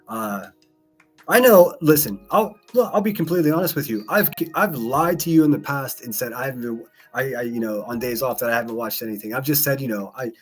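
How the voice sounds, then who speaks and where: A man hosting a casual live stream, reading chat aloud and commenting in a blunt, profane, mocking way. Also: medium pitch. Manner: reads chat messages aloud. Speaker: live-stream host reacting to clips.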